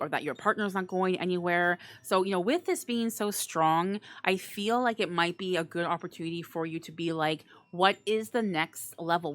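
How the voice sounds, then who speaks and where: A woman's voice: lowish voice, a bit bright. A woman giving a casual tarot reading, chatty and bubbly, with lots of fillers and frequent laughter. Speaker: tarot reader.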